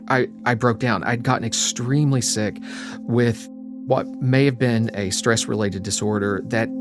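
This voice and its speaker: Young adult man, mid-pitched, giving a reflective and quietly emotional personal account over soft music. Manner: reflective, quietly emotional, sometimes trails to a whisper. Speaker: interviewee. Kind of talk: personal storytelling.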